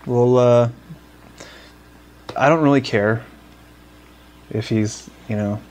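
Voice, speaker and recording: A man co-hosting a casual podcast, teasing his partner with quick wisecracks. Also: medium pitch, fairly even intonation, a little mellow. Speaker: podcast co-host.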